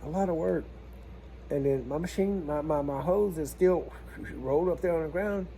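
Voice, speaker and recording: Cussing plumber, dark voice. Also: male voice, fairly high pitch, normal speed, creaky, a little hiss or hum. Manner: animated, swears freely, says y'all. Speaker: plumber telling a work story. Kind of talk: casual storytelling vlog.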